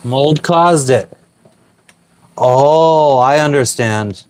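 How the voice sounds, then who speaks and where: Cooking aboard his small sailing boat, a Pennsylvania man chats casually on a live stream, swearing freely as he reads and answers viewers' questions. He speaks extremely slowly in a medium, slightly mellow voice, over a faint hiss or hum.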